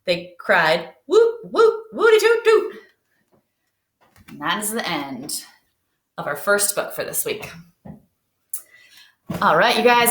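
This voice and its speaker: A woman teacher reading a picture book aloud to her students, gently asking them questions along the way. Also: medium pitch. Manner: gentle, asks children questions. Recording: roomy echo.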